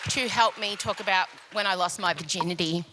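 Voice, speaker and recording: A young woman co-hosting a live podcast show, telling animated, sweary stories on stage. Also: mid-range voice, fairly quick, very noisy. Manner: animated storytelling, swears freely. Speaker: podcast co-host.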